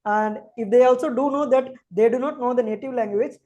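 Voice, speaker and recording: Woman, interviewer, polite, long asides, mellow tone, slightly high. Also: a little fast, muffled recording. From India. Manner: addresses guest as ma'am, long explanatory asides. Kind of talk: interview questions.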